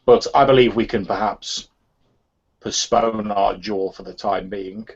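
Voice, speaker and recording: A man plays a hooded martial artist behind a crow mask, speaking slowly and formally with polite menace. The low, slightly husky voice comes through a muffled, lo-fi voice-chat line. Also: steady tone, exaggerated voice. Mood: courteous. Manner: measured, courteous, slow delivery.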